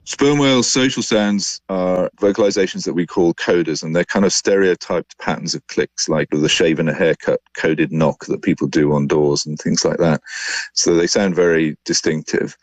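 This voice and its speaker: Man, scientist being interviewed, very low voice, dry close mic. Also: normal speed, dry recording. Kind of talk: explanatory interview answers.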